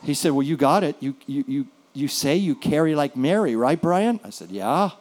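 Animated male preacher telling a story. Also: on the high side, normal speed. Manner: storytelling preacher, swinging between soft hushed lines and loud bursts. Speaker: pastor. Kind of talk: sermon.

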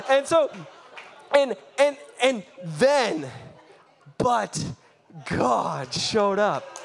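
A man's voice: high voice, slow pace, vocal fry, long pauses. A man preaching a sermon, telling a mission story with laughter and acted-out reactions. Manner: animated, laughing, acts out his own reactions.

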